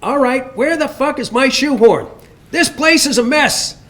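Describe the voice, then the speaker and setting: A man's voice: very high-pitched, animated, a little slow, voice pushed up, exaggerated voice. A man reciting a film scene, voicing an exasperated man who rants at his partner about the messy house. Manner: shouting, fed-up rant.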